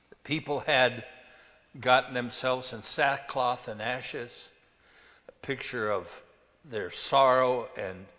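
Pastor, male, slow deliberate sermon delivery, bright tone, church hall echo. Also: mid-range voice. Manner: slow, emphatic preaching with scripture reading.

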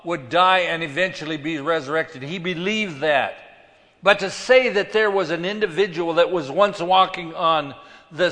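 A man preaching a sermon as pastor, swinging between loud emphasis and quiet asides. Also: high-pitched, long reverb tail.

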